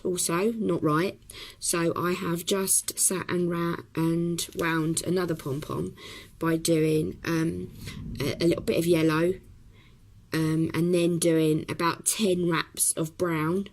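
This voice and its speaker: Brief: hoarse woman, chatty craft tutor, lowish gravelly voice. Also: a little mellow, low-quality recording. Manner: chatty, talks while working, many ums. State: hoarse from a cough.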